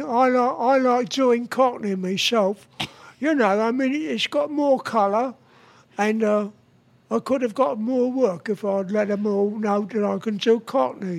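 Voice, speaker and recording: A man in his nineties from New York, a guest comedian telling stories in a halting way, with restarts and chuckles. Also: extremely high pitch. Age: 90s. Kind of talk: casual storytelling interview.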